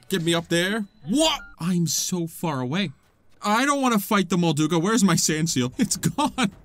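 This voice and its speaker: A man hosting let's play commentary, excitable and self-mocking, laughing often at his own mistakes. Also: fairly high pitch, a little hiss or hum. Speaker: gaming channel host.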